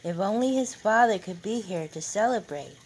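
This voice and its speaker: A woman's voice: medium pitch, lively intonation, normal speed, a little hiss or hum, lightly acted, rough recording. A woman reading aloud, voicing an admiring female dinner guest who is the host's sister-in-law.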